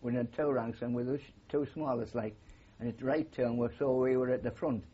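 A man's voice: medium pitch, fairly even intonation, brisk, husky, dull audio. An older man with a Geordie accent, a war veteran telling rambling stories with many fillers in an oral history interview. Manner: rambling anecdotal storytelling with frequent fillers.

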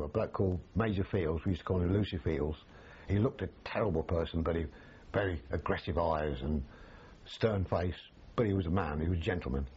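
An older man, recalling his army days in an animated, storytelling way, full of restarts. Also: sits low, muffled recording, slight background noise. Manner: animated, acts out quoted voices, frequent restarts. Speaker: army veteran interviewee. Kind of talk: storytelling reminiscence.

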